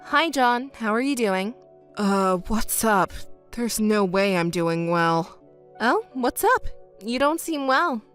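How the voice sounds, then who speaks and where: A woman's voice: a little high, expressive, slow, fairly bright tone, soft background music. A woman voicing a sheepish, deceitful young male ex-boyfriend in a scripted text story. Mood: pleading. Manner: pleading, evasive.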